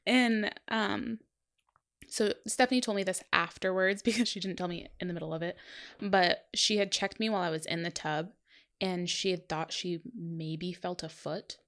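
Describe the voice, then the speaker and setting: A woman's voice: fairly low pitch, fairly even intonation, moderate pace, a bit bright. A woman in her thirties co-hosting a podcast, telling a personal story in casual chat, acting out quotes and laughing often. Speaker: podcast co-host.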